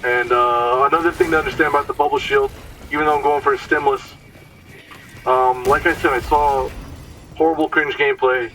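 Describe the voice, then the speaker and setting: A man's voice: mid-range voice, fairly even intonation, brisk, pushed and bright, recorded from a distance, soft background music, poor audio. A man giving casual, explanatory commentary over his gameplay, sometimes stumbling over words.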